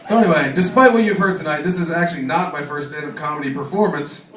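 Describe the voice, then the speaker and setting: A man's voice: on the high side, quick pace, background noise. A man performing a stand-up set, telling a profane party story and acting out the other people in it. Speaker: stand-up comedian. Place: comedy club stage. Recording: echoey room, mic from far off. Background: audience laughter.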